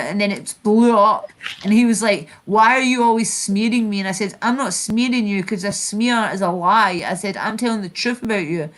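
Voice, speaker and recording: A Scottish woman hosting a casual chat stream, rambling and swearing as she retells online feuds. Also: medium pitch. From Scotland. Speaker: channel host.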